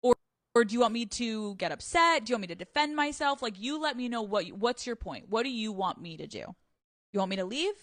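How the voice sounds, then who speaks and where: A woman's voice: fairly high pitch, lively intonation, fairly quick, fairly bright tone, no echo. A woman in a played clip, defensively firing back one rhetorical question after another.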